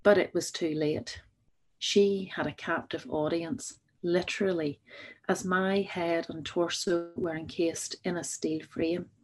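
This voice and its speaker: A woman's voice: on the low side, fairly even intonation, measured pace. A woman narrating her own story in the first person, in a wry, understated way. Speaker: memoir narrator.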